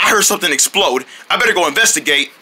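A mischievous armadillo villain, voiced by a performer, in a homemade cartoon, gleeful and stubborn about blowing things up. The voice sits a little low, with a sharp, tense brightness and a husky grain. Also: lively intonation, very fast, exaggerated voice. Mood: gleeful mischief. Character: mischievous armadillo villain who loves explosions.

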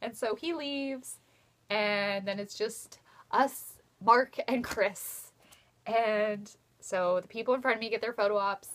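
In her bedroom at night, a young woman vlogs casually about a fan experience. Her mid-range, fairly bright voice gushes giddily, punctuated by breathless, squealing outbursts.

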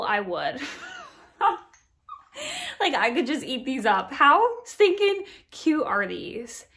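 Bubbly woman vlogger, chatty and gushing, a touch high-pitched. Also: a bit bright, echoey room. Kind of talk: casual show-and-tell vlog.

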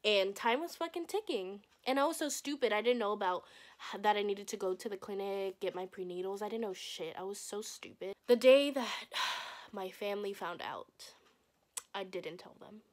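A woman's voice: mid-range voice, normal speed. Young woman, vlogger, casual storytime, blunt and profane, mid-range voice, acts out quotes.

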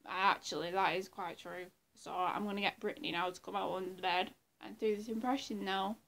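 A woman vlogger chatting casually to camera, talking fast and rambling. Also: mid-range voice, fairly even intonation, a bit bright. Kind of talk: casual chat.

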